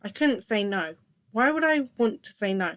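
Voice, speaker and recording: A woman narrating a first-person story in a steady, scripted reading voice. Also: mid-range voice, normal speed.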